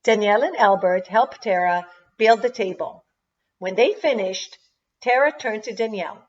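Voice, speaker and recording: A woman preschool teacher reading a children's storybook aloud in an expressive storytelling manner, on a dull lo-fi recording. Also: mid-range voice, normal speed. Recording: dull lo-fi sound.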